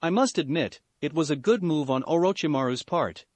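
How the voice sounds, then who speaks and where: A smug, cold old leader, as a man reads him aloud, speaking with indifference. The voice is fairly high and varied. The sound is dry. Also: lively intonation, brisk, no echo. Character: cold old male earth village leader.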